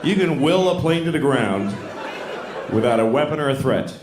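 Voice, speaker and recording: A man doing stand-up on a club stage, his voice swinging widely up and down as he riffs with wry exasperation. The club sound is roomy and echoing, with an audience's noise and laughter clearly audible around him. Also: mid-range voice, expressive, moderate pace, crowd noise. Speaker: stand-up comedian. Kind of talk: stand-up comedy set.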